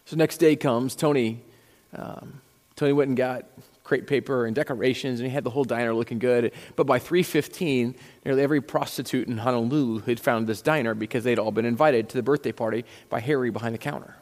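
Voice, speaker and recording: A man's voice: mid-range voice, steady tone, brisk, a little mellow, big-room sound. A man preaching a sermon as pastor, retelling a story and acting out the dialogue with frequent restarts.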